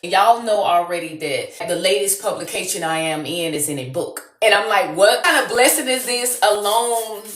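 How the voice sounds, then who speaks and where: A woman vlogging, chatty and animated, talking straight to her viewers. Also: medium pitch, moderate pace, few pauses, reverberant. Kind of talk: excited vlog chat.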